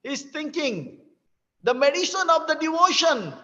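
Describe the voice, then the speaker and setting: A man gives a sermon, dramatically retelling scripture at a slow, deliberate pace. His voice is high. The sound is dull and lo-fi, with a long hall reverb. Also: big pitch swings, pushed and bright. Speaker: spiritual teacher. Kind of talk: sermon storytelling.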